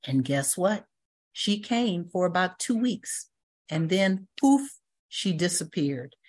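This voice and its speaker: Low-voiced older woman telling her story. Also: animated, slow pace, darkish tone. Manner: storytelling, acts out quoted voices, laughs. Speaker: recovery meeting speaker. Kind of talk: personal testimony talk.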